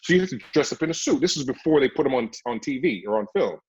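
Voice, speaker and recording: Husky man telling animated stories. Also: mid-range voice, quick pace. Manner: animated storyteller, slips into put-on voices. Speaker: actor, interview guest. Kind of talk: casual interview chat. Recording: dull lo-fi recording.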